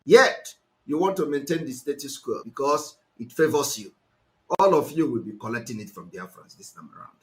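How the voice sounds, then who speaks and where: A man's voice: medium pitch, lively intonation, moderate pace. A man giving impassioned, mocking political commentary to his listeners. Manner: forceful, mocking, mixes in pidgin and Igbo. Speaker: activist broadcaster.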